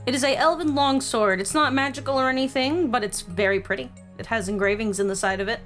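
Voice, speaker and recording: A woman's voice: fairly high pitch, fast talker, over loud music. A woman running a tabletop game, narrating casually with lots of "like" and "uh". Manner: casual, many fillers like "like" and "uh". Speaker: game master.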